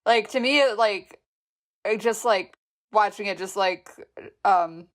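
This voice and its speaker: A woman's voice: mid-range voice, takes it slowly. A woman co-hosting a podcast, talking casually and hesitantly, packing her speech with filler words. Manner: hesitant, heavy use of filler like. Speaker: podcast co-host.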